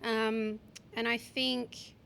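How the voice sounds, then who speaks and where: A woman's voice: on the high side, flat delivery, vocal fry, fairly bright tone, slight background noise. Heartfelt woman speaking candidly. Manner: open, heartfelt, speaks slowly in places, occasional swearing. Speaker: podcast guest. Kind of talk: candid interview conversation.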